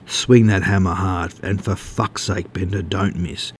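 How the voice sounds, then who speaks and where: A man's voice: low-pitched, fairly even intonation, measured pace, a little hiss or hum. A man voicing a brutish, hot-tempered male slaughterhouse worker who snarls and bullies in a story reading. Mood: menacing. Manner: snarling, bullying.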